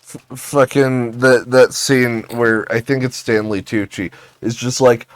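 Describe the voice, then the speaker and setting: A man's voice: medium pitch, steady tone, a little slow, no room sound. A man chatting casually on a stream with a friend, giving short replies and profane quips. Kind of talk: casual gaming-stream chat.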